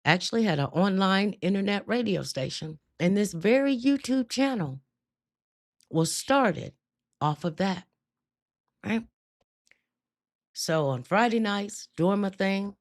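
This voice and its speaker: A woman hosting a live stream, telling her faith testimony in an animated, casual storytelling way with loose everyday dialect. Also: medium pitch, takes it slowly, long pauses. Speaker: host.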